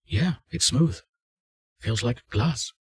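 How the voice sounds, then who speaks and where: A man's voice: medium pitch, animated, takes it slowly, slightly rough, voice pushed up. A man voicing a frightened male test subject who sounds nervous and reluctant. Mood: uneasy.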